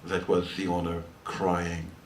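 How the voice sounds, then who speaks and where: With a low, monotone voice and a slow pace, an older man from France tells a long, wandering story in a French accent between songs at his concert. The guitarist is chatty and often laughs. The audio is roomy and distant, taken in a listening hall with a live audience, with faint noise.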